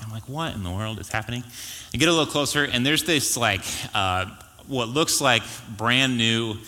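A man's voice: lowish voice, sharp tone. A man in his thirties, a pastor giving a casual, joking sermon full of stories and asides. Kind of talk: conversational sermon storytelling. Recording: reverberant church hall.

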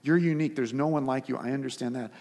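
A man's voice: mid-range voice, steady tone, fast talker. Earnest male pastor in a reverberant hall. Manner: earnest, building emphasis with repeated phrases then dropping to soft quotes. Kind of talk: sermon.

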